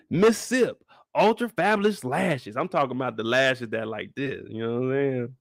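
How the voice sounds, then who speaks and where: High-voiced man ranting about a show. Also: normal speed, vocal fry, no room sound. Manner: animated, incredulous, profane commentary. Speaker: host. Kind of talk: live after-show recap.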